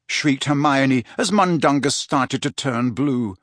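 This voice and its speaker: A man narrating an audiobook in an expressive storytelling style on a close studio mic. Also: medium pitch, unhurried, few pauses, dry recording. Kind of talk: scripted narration.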